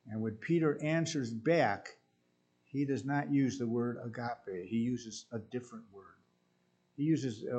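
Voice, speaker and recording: A man preaching a sermon, hesitant with many pauses and restarts. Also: medium pitch, darkish tone, dull audio.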